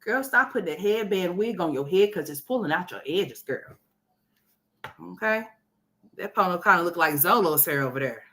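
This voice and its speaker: A woman's voice: on the low side, animated, moderate pace, sharp tone. A woman hosting a gossip commentary livestream, brash and profane, rambling and talking straight to her viewers. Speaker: commentary host.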